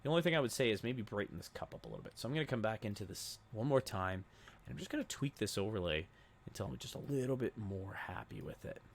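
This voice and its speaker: Gravelly-voiced man walking through a tutorial. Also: on the low side, expressive, fast talker, slight background noise. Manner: casual, thinking aloud while clicking through settings. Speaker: web design tutor. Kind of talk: screen-recorded software tutorial.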